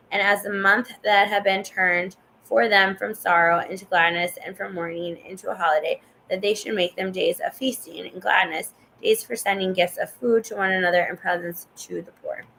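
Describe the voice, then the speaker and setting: A woman's voice: medium pitch, steady tone, normal speed, vocal fry, fairly bright tone, slight background noise, low-quality recording. A woman reading scripture aloud in a casual way, stumbling over hard names and stopping to cough. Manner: stumbles over names, chatty asides to the viewer. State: coughing and yawning. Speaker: Bible reader.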